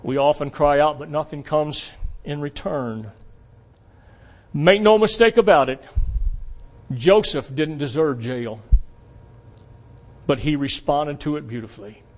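A man preaching a sermon to his congregation, emphatic and asking them rhetorical questions, swinging between loud peaks and quiet asides. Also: a little high, unhurried, long pauses. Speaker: pastor.

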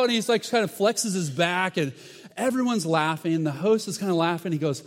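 Animated preacher in a reverberant hall. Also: male voice, high voice, brisk. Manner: animated storytelling with acted-out voices. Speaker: pastor. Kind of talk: sermon.

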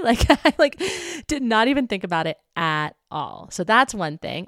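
A woman's voice: a little high, smooth, no room sound, clean studio sound. A young woman hosting a podcast, talking casually and animatedly to her listeners, often laughing and swearing lightly. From United States. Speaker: podcast host. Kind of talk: casual personal monologue to listeners.

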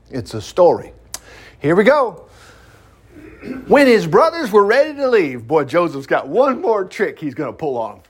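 A man's voice: high voice, husky. A man reading a Bible story aloud as a teacher, breaking off for chatty, laughing asides. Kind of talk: reading scripture with commentary.

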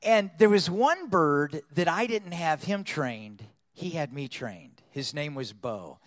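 Male storyteller preacher, high pitch, lively and dramatic delivery. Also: slow, long reverb tail. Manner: animated storyteller acting out voices. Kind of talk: storytelling sermon.

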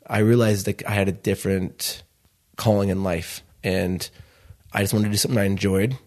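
A man's voice: fairly low pitch, steady tone, normal speed, a little mellow. A man in his thirties from Chicago, a restaurant owner telling his story in an interview, rambling loosely and acting out the dialogue he quotes. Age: 30s.

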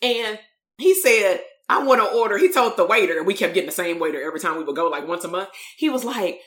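A woman from Compton tells a story as a therapist. Her delivery is animated and casual, full of slang and fillers, and her pitch swings up and down. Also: fast. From Compton, California. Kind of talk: storytelling talk.

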